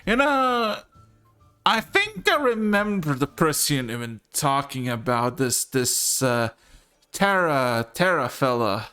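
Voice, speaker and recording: A man doing a gruff old hag. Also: mid-range voice, sing-song, slow, sharp tone, faint music behind, exaggerated voice. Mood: wistful. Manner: gruff, folksy, drifting into reminiscence. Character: short gruff old hag tavern keeper, wistful.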